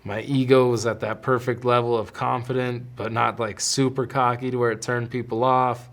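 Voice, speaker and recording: A man's voice: mid-range voice, level tone, normal speed, a bit bright. A man hosting his podcast, telling personal stories in a candid, rambling way with frequent restarts. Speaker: podcast host. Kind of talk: casual storytelling.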